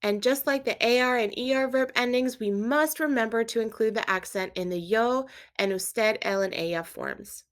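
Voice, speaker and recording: A woman teaching a Spanish grammar lesson, patiently explaining verb endings and quizzing the listener in a clear, steady way. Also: fairly high pitch, normal speed, hardly any pauses. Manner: clear, patient instruction with quiz prompts. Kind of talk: scripted language lesson.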